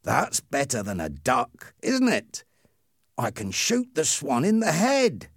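Man doing a high-voiced teen bully, bossy and menacing, slow, dry sound. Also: huge pitch swings, no echo, heavily acted. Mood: mocking. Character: cruel teenage boy bully with a gun.

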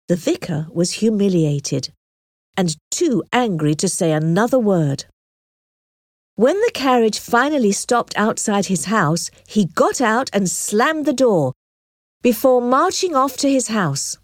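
Expressive woman reading a storybook. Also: mid-range voice, a little slow, dry recording, clean studio sound. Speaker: narrator. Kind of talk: audiobook reading of a simplified classic novel.

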